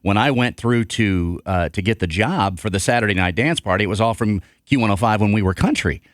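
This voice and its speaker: A man hosting a casual studio chat as a radio DJ, joking and animated as he tells stories. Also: fairly low pitch, brisk, dry recording. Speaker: radio DJ and host.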